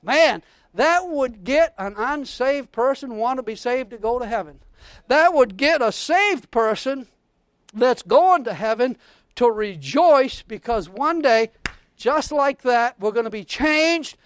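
High-pitched fervent preacher man. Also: slow pace, clear, resonant tone, no room sound. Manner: fervent, calls out to the congregation; preaches from scripture with rising excitement. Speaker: pastor. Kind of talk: sermon.

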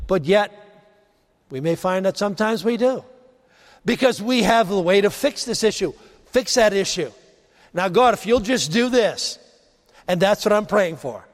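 High-voiced preacher man in a reverberant hall. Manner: rises in pitch for emphasis, drops low and quiet on key phrases. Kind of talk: sermon.

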